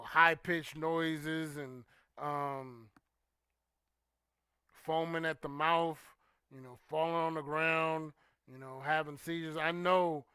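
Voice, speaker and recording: A man hosting a relaxed livestream talk show who greets viewers and reads their comments, talking loosely with plenty of "you know" and "um". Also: fairly high pitch, smooth, dry recording. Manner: relaxed and conversational, with frequent "you know" and "um", trailing off quietly. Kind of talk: casual chat, reading and answering viewer comments.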